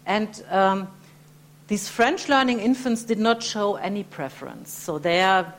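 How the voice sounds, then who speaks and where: A woman giving an academic lecture, hesitant, with many fillers, restarts and throat clearing. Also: medium pitch, a little slow.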